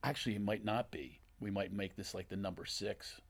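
A man hosting a comedy podcast in a studio, chatting casually and telling stories full of quick impressions. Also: on the low side, creaky. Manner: animated storyteller, slips into impressions. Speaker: podcast host.

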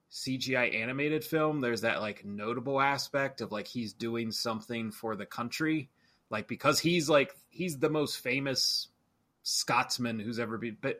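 A man's voice: mid-range voice, sharp tone. A man hosting a casual movie podcast, rambling and correcting himself as he talks. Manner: rambling, self-correcting, chuckling. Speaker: podcast host.

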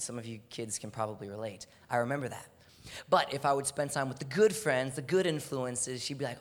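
A young man from Houston, preaching earnestly, sometimes dropping to a hushed voice. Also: medium pitch, a little fast. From Houston, Texas. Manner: earnest, animated preaching with soft, hushed moments. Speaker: speaker. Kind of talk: sermon. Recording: long hall reverb.

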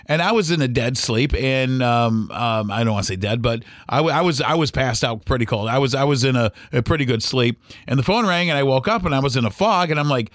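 A middle-aged man, a podcast host and former radio DJ, telling a story in a halting, rambling way with many restarts. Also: medium pitch, expressive, dry recording, clean studio sound. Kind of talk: casual storytelling monologue.

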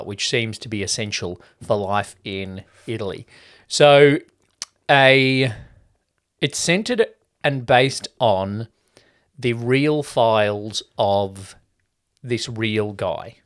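A man's voice: fairly low pitch, takes it slowly, fairly bright tone. A man, co-hosting a casual podcast and retelling a movie plot in a loose, rambling way with casual swearing. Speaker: podcast co-host. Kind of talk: casual film-review chat.

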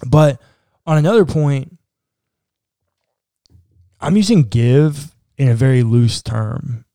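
Mellow-voiced pastor talking earnestly. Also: male voice, mid-range voice, takes it slowly, no echo, studio quality. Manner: earnest, conversational, says "like" often. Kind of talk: podcast discussion.

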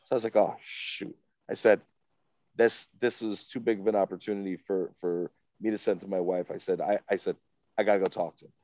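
Male interview guest, low voice, dry sound; loose rambling storyteller who acts out the voices of others. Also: steady tone, brisk, a little mellow, no room sound. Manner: rambling, repeats "what do you call it?" and acts out quoted voices. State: emotional, close to tears. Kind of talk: casual storytelling.

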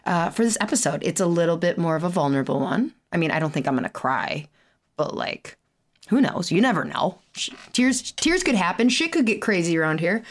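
A woman's voice: lowish voice, fairly quick. Chatty, tired woman podcast host. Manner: chatty and animated, with frequent fillers, laughs and casual swearing. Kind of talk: casual solo podcast chat.

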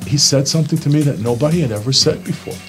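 A man's voice: on the high side, fast talker, music in the background. A man from Brooklyn, giving a personal testimony and acting out the voices in it. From Brooklyn, New York. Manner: storytelling, acts out quoted voices.

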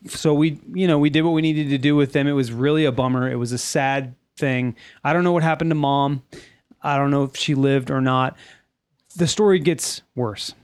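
A man hosts a casual podcast chat, telling a story with lively energy. His voice sits a little high for a man. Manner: storytelling, animated, imitates cat sounds. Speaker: podcast host.

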